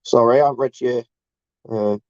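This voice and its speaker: A man, ranting on a casual livestream, halting and restarting often and mocking others in sarcastic bursts. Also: mid-range voice, fairly even intonation, no echo. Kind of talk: rambling casual livestream rant. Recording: dull lo-fi dry sound.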